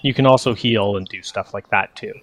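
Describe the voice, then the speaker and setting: A man running a tabletop game as game master, explaining rules in a relaxed, rambling way with many fillers. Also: on the low side, fairly quick.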